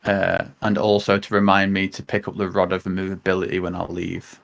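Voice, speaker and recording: A man's voice: low-pitched, monotone, brisk, creaky. A man playing a tabletop game, rambling and correcting himself as he goes. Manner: unsure, rambling, self-correcting. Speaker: player.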